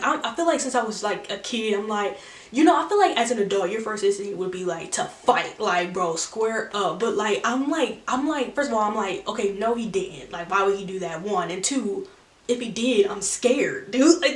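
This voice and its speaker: A young adult woman tells a personal story in a loose, chatty vlog style, leaning on "like" and restarting her sentences. Her voice sits at a middle pitch. She is recorded from a few feet away, in a room that gives it a noticeable echo. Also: distant mic. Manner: chatty, many "like" fillers and restarts. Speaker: vlogger. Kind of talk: casual storytime. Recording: roomy echo, from the mic.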